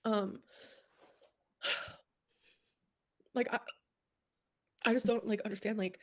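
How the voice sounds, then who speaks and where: A woman's voice: mid-range voice, fairly even intonation, very slow. A woman livestreamer with a stuffy nose, rambling casually and packing her talk with "like.". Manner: rambling, full of "like" fillers.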